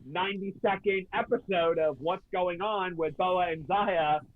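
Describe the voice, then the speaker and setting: A man's voice: high-pitched, measured pace. A man appearing as a podcast guest, talking about wrestling in an earnest, emphatic way. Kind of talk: casual wrestling chat. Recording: tinny phone-like line.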